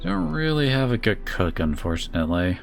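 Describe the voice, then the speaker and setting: A man's voice: lowish voice, sing-song, moderate pace, gravelly, soft background music. A man streaming a video game, in casual let's-play commentary, thinking aloud and rambling with many "like"s.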